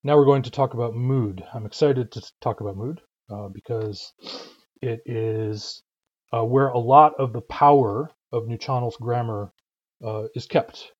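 A man's voice: mid-range voice, unhurried, husky, highs cut off. A man teaching a language lesson, patiently and methodically demonstrating syllable rhythms aloud.

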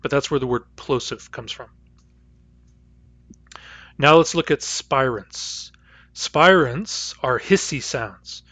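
Man, language teacher, patient, demonstrates sounds, middle pitch, dry close mic. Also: slow pace, long pauses, a bit bright, slightly rough, no room sound. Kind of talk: phonetics lecture with spoken sound demonstrations.

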